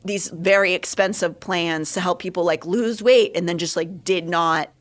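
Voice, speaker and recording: A woman co-hosting a podcast livestream in casual chat, animated, her pitch jumping up on punchlines. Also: normal speed. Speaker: podcast co-host.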